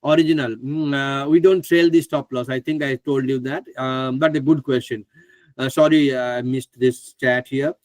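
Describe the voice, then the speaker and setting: A chatty man runs a live online trading class, exclaiming and laughing as he goes. His voice is close and dry, with no room sound around it. He sits at a middle pitch for a man. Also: fairly even intonation, moderate pace, no room sound. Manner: stumbles over names, asks others to pronounce them. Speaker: trading course presenter.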